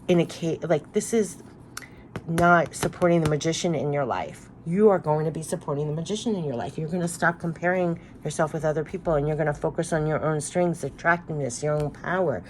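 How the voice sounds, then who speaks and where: A woman's voice: sits low, darkish tone, slight background noise. A woman giving a spiritual tarot card reading, talking in an earnest, emotional, rambling way with many restarts.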